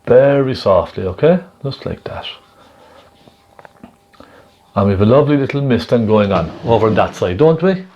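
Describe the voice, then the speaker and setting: A man gently demonstrating a painting technique step by step, chatting and checking in with the viewer as he works. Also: medium pitch, lively intonation, a little fast, muffled recording, slight background noise. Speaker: painting instructor.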